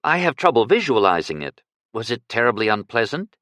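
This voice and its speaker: A man's voice: mid-range voice, sing-song, a little fast, dry recording. An audiobook reader voicing a gracious, poised young woman who plays hostess, polite and curious. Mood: polite curiosity. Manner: polite, curious, brightly sociable.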